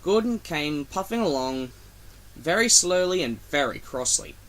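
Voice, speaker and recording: A man reading a children's railway storybook aloud, expressive. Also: on the high side, a little slow.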